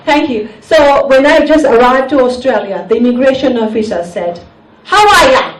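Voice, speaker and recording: A Japanese woman performs stand-up in a deadpan way, her English a little broken. She speaks slowly in a fairly high voice. The recording is roomy and taken from some distance, with the crowd noise clearly heard. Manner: deadpan, slightly broken English with comic pauses. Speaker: stand-up comedian. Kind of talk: stand-up comedy set. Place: comedy club stage. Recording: echoey venue mic heard from a distance, audience noise. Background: audience laughter.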